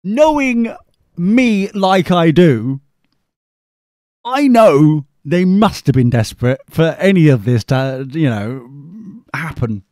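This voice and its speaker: Male podcast host, rambling comic monologue, lively sarcastic delivery, slightly higher pitch. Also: no echo, clean studio sound. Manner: chatty, self-mocking, sarcastic asides to the listener.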